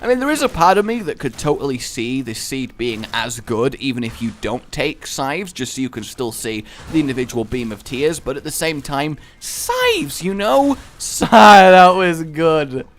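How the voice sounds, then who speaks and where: A young man talks over his own gameplay with a jokey, excitable manner. His pitch swings widely as he jumps from easygoing remarks to loud, high-pitched cheers. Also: normal speed, few pauses, slight background noise. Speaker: gaming video host. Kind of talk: let's play commentary.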